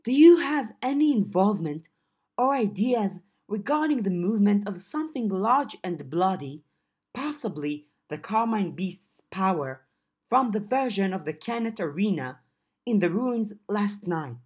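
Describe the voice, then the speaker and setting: A woman voicing a blunt, practical young woman who presses for answers, in a husky voice. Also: medium pitch, expressive, unhurried, darkish tone, pitched above the performer's own voice. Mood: questioning. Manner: direct, questioning.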